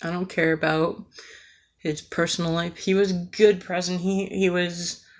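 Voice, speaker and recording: A woman's voice: on the low side, flat delivery, normal speed. A woman from the United States delivering an earnest, emotional rant, with frequent hesitations and fillers as she talks. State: emotional, near tears. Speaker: vlogger.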